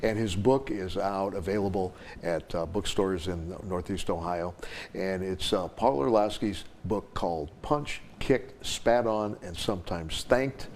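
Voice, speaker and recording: An older man hosting an interview talk show, full of fillers and quick agreeing remarks. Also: low-pitched, darkish tone, a little hiss or hum.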